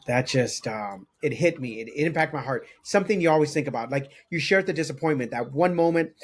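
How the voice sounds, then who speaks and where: A man hosting a podcast, asking interview questions in a slow, reflective way. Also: on the high side. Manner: reflective, slow, searching phrasing. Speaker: podcast host.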